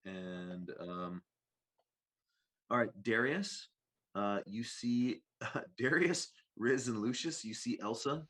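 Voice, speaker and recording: A man's voice: mid-range voice, slow pace, a bit bright. A man running a live tabletop game as game master, narrating with many hesitations. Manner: hesitant, full of ums while narrating.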